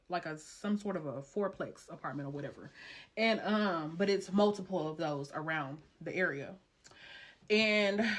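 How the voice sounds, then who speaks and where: A woman telling a dramatic personal story in a casual vlog, cursing freely and talking in slang. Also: mid-range voice. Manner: animated, profane, slangy storytelling.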